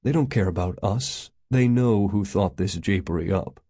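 A man's voice: on the low side, moderate pace, dark tone, slightly rough, dry recording. A man reading an audiobook, voicing a dry, sardonic male colleague.

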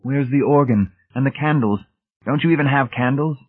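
A man's voice: medium pitch, moderate pace, husky, no room sound, voice pushed up, natural voice. A man voicing a distraught grown man who pleads and begs, raised well above his own narrating voice. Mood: bewildered. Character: anguished grown man, a lost believer pleading. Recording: tinny phone-like band.

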